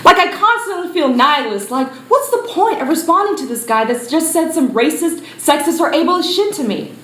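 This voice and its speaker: A woman's voice: sits high, expressive, moderate pace, fairly bright tone, roomy sound. A woman playing herself in a solo stage show, talking in frustrated exclamations.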